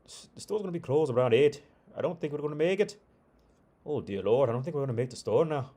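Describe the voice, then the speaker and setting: A man putting on a rough Scottish accent to voice a fretful old man worried about reaching the store in time. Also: expressive, dark tone, lightly acted. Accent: Scottish, clumsily imitated. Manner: high, quick, fussy.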